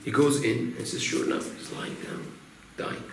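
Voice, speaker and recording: A man's voice: normal speed, a little hiss or hum. A man, a rabbi, teaching a Torah class through storytelling, acting out quotes and explaining Hebrew terms. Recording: roomy room echo, faint ambience.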